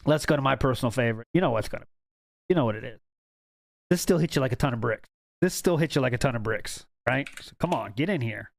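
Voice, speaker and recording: A man's voice: medium pitch, animated, fast talker, creaky, no echo. A man hosting a casual clip-reaction show, joking and laughing often. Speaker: host reacting to clips. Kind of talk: casual commentary.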